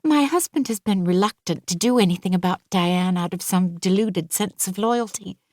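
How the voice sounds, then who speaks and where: A woman's voice: on the low side, normal speed, a little mellow, no room sound, studio quality, lightly acted. A woman voicing an anxious young mother who talks in a fretful, plaintive way. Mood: indignant.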